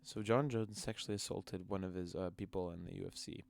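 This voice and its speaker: A man's voice: low voice, fairly even intonation, brisk, creaky, a little mellow, no echo. A man giving casual, sarcastic reaction commentary on MMA fighters and ranting with many restarts.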